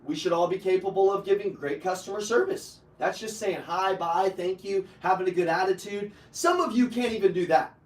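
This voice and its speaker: A man running a live sales training, brash and profane, pumping up his audience and breaking into shouts. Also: sits high, brisk, hardly any pauses, roomy sound, far from the mic, low-quality recording. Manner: brash, profane, fired-up coaching, bursts into shouting. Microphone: online video call.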